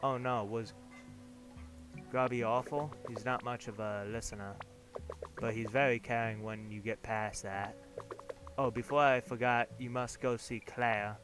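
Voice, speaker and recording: A man's voice: mid-range voice, steady tone, measured pace, close to an everyday voice. A man voicing a cheerful, chatty pregnant woman in a video game, with game music behind. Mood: welcoming. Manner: warm, chatty, welcoming.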